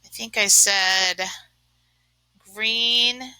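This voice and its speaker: Chatty woman teacher, bright voice. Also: a little high, steady tone, very slow, clean tone, no echo, poor audio. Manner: chatty, uses lots of fillers. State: sneezing from allergies. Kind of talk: remote lesson, thinking aloud while writing.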